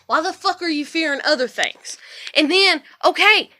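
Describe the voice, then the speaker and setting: Fiery high-voiced woman venting on camera. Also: lively intonation, normal speed, bright, forceful tone. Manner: confrontational, heavy swearing, raises her voice. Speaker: vlogger. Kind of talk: heated monologue to camera.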